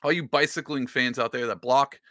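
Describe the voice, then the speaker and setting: A man's voice: mid-range voice, brisk, bright, forceful tone, dry recording, studio quality. A man hosting a livestream, ranting in a casual, joking and rambling way. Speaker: livestream host. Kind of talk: casual comedic political rant.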